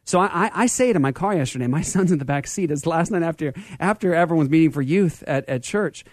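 Animated male radio host, higher voice. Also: fast, no room sound. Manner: animated, preachy storyteller. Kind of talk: casual radio talk. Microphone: studio microphone.

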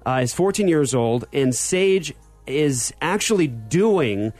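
A man's voice: fairly high pitch, slow pace, soft background music. A man in his thirties hosting a casual podcast, telling stories with lots of fillers and energy. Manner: animated storyteller, many fillers. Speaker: podcast host. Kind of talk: casual chat.

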